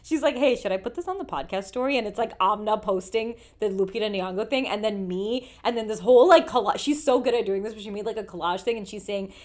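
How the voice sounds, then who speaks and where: A woman's voice: mid-range voice, fast talker, hardly any pauses, a little mellow. A woman in her thirties co-hosting a podcast from a home studio, chatting casually, laughing often and swearing freely. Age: 30s. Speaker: podcast co-host. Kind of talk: casual chat.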